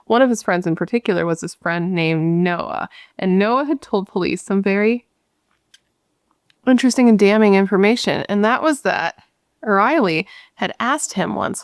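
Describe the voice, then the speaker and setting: A woman's voice: mid-range voice, clear, resonant tone, no echo, clean studio sound. A woman hosting a true crime show, telling the case in a casual, blunt way and swearing freely. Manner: chatty, blunt, swears freely, retells dialogue conversationally. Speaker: true crime podcast host.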